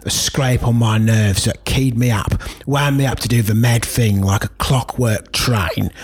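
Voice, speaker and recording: A man's voice: mid-range voice, slightly rough. A man reading a novel aloud in a Cockney accent as a tense, obsessive gambler.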